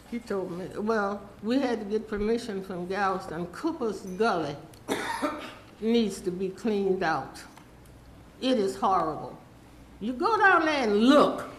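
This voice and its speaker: A woman's voice: mid-range voice, expressive, slow, long pauses, roomy sound, a little hiss or hum, low-quality recording. A woman, rambling and pleading through a public comment at a city council meeting. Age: 80s.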